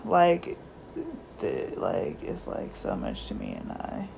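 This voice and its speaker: Low gravelly norcal woman, blunt teasing livestream chat, bit of noise behind. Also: wildly swooping pitch, slow, a little mellow. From California. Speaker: hair braider livestreaming. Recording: echoey room with faint background noise.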